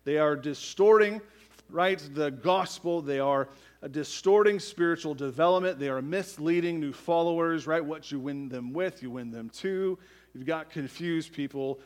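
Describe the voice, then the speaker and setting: A pastor preaching a sermon in a slightly high male voice. He drives his points home with emphasis and keeps tossing in "right?" to his listeners. His volume swings from forceful declarations down to near-quiet. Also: normal speed.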